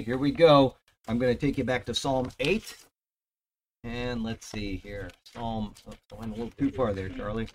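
A man teaching a casual verse-by-verse Bible study in a chatty, folksy way, stressing key words emphatically. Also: mid-range voice.

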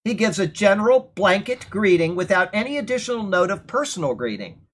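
His voice sits high and a little bright as he teaches a Bible class sermon-style in a church room, a thunderstorm going on outside. He keeps things conversational and often asks his listeners "okay?", though he swells into emphatic, indignant passages.

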